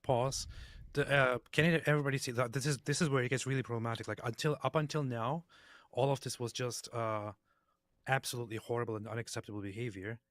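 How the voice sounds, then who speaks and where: A man's voice: mid-range voice, steady tone, fast talker, a bit bright, no room sound, studio quality. A man co-hosting, commenting earnestly and incredulously on clips. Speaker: co-host. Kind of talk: casual chat.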